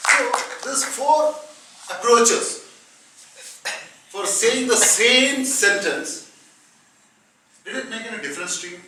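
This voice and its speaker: A man's voice: very high-pitched, takes it slowly, pauses often, noisy background. A man with an Indian English accent running a public speaking workshop, explaining step by step and putting questions to the room. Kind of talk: classroom workshop lecture. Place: training room with a live audience. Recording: echoey room, mic at a distance.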